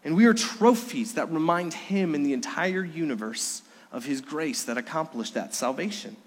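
A middle-aged man delivers a sermon in a somewhat high voice, building to emphatic peaks and then dropping to hushed, intimate lows. His voice rings out with a long reverb, as if in a church sanctuary. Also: animated, moderate pace. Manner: preaching with rising emphasis and soft, hushed lows. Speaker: pastor.

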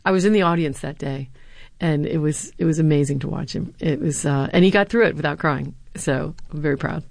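A woman's voice: low voice, a little fast, vocal fry, a little mellow, dry recording. A woman, a former speechwriter and university lecturer, answering interview questions with earnest anecdotes and the odd filler.

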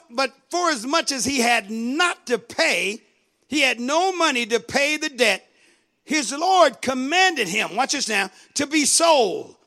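A man's voice: very high-pitched, gravelly, pushed and bright. A man preaching a sermon with passion, acting out pleading lines from the scripture. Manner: impassioned, acts out the servant's pleading.

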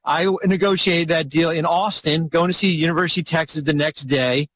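A man, a former basketball team executive, telling a long anecdote in casual chat, rambling and animated with sudden jumps in pitch. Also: brisk, no echo.

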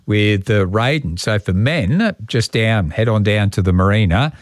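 Radio host with a lively voice. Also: male voice, lowish voice, a little slow, no echo, studio quality. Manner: chatty, laughs easily, trailing restarts. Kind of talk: casual radio chat.

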